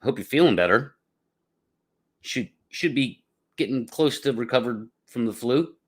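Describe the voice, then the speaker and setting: A man's voice: medium pitch, lively intonation, unhurried, slightly rough. A man hosting a casual live podcast, chatting with viewers in a rambling, laid-back way with lots of fillers. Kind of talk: casual livestream chat.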